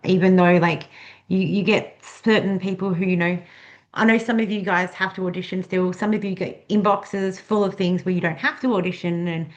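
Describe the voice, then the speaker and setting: Female interviewer, chatty and affirming, lowish voice, dull recording. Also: fairly even intonation, normal speed. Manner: warm-up chatter, affirming fillers, filler-heavy questions. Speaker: interviewer host. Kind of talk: casual interview chat.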